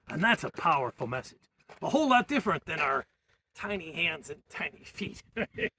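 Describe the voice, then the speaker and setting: A man with a high, very lively voice teaches how to lead protest chants. His delivery is upbeat and instructional, and there is faint noise behind him. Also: moderate pace, far from the mic, low-quality recording. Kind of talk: instructional talk.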